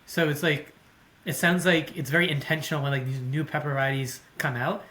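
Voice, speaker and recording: A man's voice: a little high, fairly even intonation, brisk, sharp tone. A man hosting a podcast interview, thinking aloud and checking his understanding with tag questions. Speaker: podcast host. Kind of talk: casual interview.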